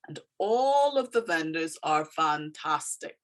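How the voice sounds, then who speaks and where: A woman with a Trinidadian accent explains the words in her poem in a casual way, often pausing to search for the right word. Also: low voice, animated. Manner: thoughtful, pauses to search for words.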